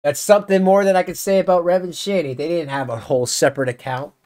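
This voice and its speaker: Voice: mid-range voice, fairly even intonation, quick pace, darkish tone. A channel host reading messages aloud in casual commentary, breaking in with exasperated, sarcastic remarks.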